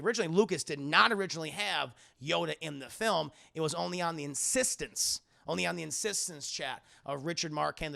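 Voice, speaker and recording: A young man casually reviewing a film on a live stream, animated, chatty and profane. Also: fairly high pitch, creaky.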